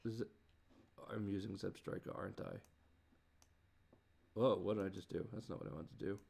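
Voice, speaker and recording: A man thinking aloud while he composes, muttering in halting restarts and groaning at himself. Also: fairly low pitch, steady tone, gravelly, darkish tone, husky. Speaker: creator working on a song.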